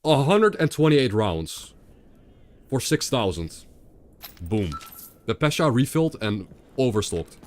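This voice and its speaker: A man's voice: medium pitch, sing-song, measured pace, pauses often, a little hiss or hum. A young man streaming a video game, rambling and sarcastic, often repeating himself. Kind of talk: casual gameplay commentary.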